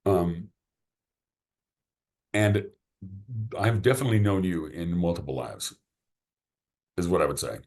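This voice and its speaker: A man's voice: sits low, a little slow, vocal fry, pauses often, a little mellow. A man, a podcast guest, chatting casually and enthusiastically, often restarting his sentences. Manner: enthusiastic, rambling, repeats words when starting sentences.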